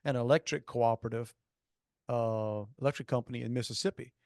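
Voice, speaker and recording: In a clean studio recording with no room sound, a male podcast co-host chats casually in a mid-range, slightly mellow voice. He talks fairly quickly with fairly even intonation, rambling, cracking jokes, and often interrupting himself to restart sentences.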